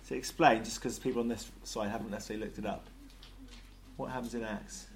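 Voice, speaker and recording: Lively man teaching the Bible. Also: fairly low pitch, fast talker, slight background noise. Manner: lively, jokey, asks the group questions. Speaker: Bible study leader.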